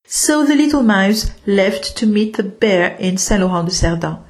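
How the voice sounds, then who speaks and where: A woman narrating a children's story in a gentle, unhurried reading manner. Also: mid-range voice, expressive, background noise.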